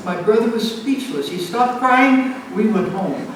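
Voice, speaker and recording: A woman's voice: mid-range voice, normal speed, hardly any pauses. An older woman telling a playful childhood story to an audience, laughing through her punchlines. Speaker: storyteller at an art show event. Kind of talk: casual anecdote told to a live audience. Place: community center gallery. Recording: echoey room from far off, faint noise.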